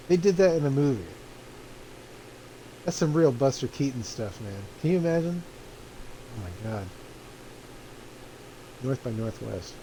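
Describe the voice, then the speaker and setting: A man's voice: mid-range voice, lively intonation, a little slow, long pauses, dark tone, a little hiss or hum, rough recording. Laid-back man rambling over a game. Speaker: streamer playing a flight simulator. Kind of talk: casual gameplay commentary.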